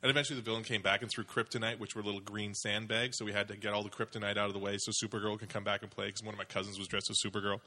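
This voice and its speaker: Brief: podcast co-host, male, bright tone, rapid animated anecdotes. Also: lowish voice. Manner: animated, laughing storyteller. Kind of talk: casual chat, storytelling.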